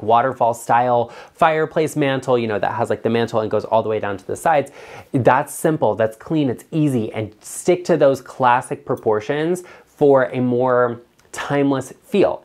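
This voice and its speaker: A man vlogging about home design, speaking bluntly and emphatically straight to the viewer. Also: medium pitch. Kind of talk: opinionated talk to camera.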